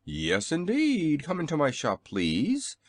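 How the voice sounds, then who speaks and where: A man's voice: fairly high pitch, huge pitch swings, slow, vocal fry, no room sound, clean studio sound, pitched above the performer's own voice, heavily acted. A man doing the braided old inventor. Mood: earnest. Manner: courtly, eager to please. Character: very old braided male inventor, polite and earnest.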